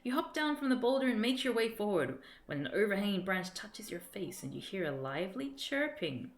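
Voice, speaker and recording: A woman streamer with a mid-range, sing-song voice reads a gamebook aloud on a live stream, a little fast and with theatrical flair. Her dramatic narration often trips over words, and she restarts sentences.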